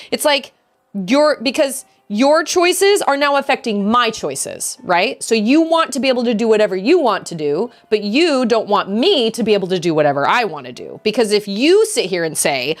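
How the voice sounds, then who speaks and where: A woman's voice: medium pitch, sing-song, normal speed. A woman streaming a game, ranting in casual chat and mocking others in sing-song voices.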